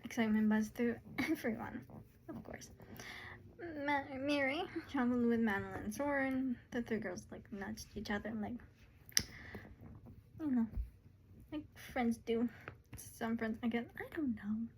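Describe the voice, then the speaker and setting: A woman's voice: a little high, measured pace, pauses often, a little mellow, slight background noise, rough recording. A woman narrating her own story casually, with rambling, chatty asides.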